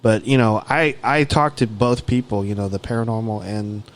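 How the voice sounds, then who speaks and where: Frank, easygoing podcast co-host. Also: male voice, on the low side, fairly even intonation, normal speed, a little hiss or hum. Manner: frank, repeats words as he starts sentences. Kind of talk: casual chat.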